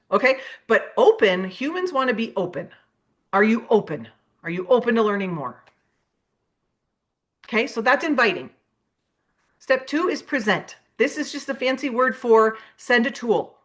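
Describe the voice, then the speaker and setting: Her voice, a little high and moderately paced, carries a motivational video-call keynote on sales psychology. She is animated throughout, performing sample invitation messages meant for prospects.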